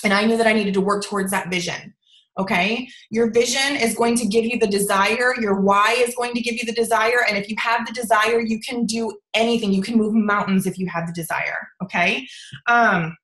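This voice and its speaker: A woman's voice: fairly high pitch, steady tone, a little fast, a bit bright, reverberant, rough recording. Emphatic woman giving a pep talk. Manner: emphatic, repeats "okay?" and "you guys". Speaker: team leader of a sales business. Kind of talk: motivational pep talk on a video call.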